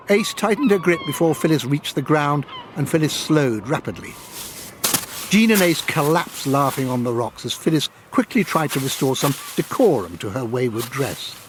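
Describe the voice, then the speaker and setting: A man reading a story aloud as an audiobook narrator, with expressive storytelling delivery. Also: background noise. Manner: expressive reading, voices characters in high put-on tones.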